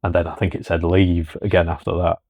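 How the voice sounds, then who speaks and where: A man hosting a podcast, chatting in a relaxed way and thinking aloud as he goes. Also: deep voice, racing, vocal fry, breathy edge, no room sound. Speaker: podcast host. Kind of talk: casual chat.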